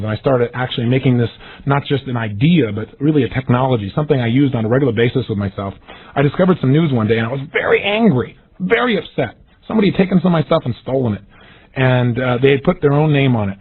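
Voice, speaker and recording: Fast, emphatic motivational speaker man. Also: mid-range voice, husky. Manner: energetic, emphatic, acts out the questions he quotes. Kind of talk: motivational seminar talk. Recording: tinny phone-like lo-fi audio.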